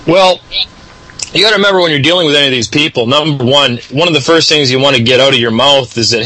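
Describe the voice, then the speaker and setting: A man's voice: medium pitch, fast, sharp tone, rough recording. A man hosting a casual talk show, lecturing and advising at length. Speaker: show host.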